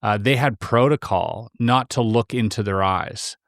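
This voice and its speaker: A man hosting an interview, casually retelling stories he has heard in a relaxed way. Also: fairly low pitch, unhurried, vocal fry, dry recording, studio quality. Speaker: host.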